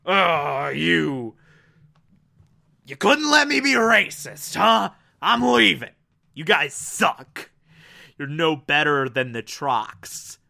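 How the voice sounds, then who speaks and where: A man's voice: a little high, sing-song, takes it slowly, gravelly, bright, forceful tone, exaggerated voice. A man putting on the voice of an arrogant, bigoted male alien soldier from a cartoon, mumbling and sneering. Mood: sulking.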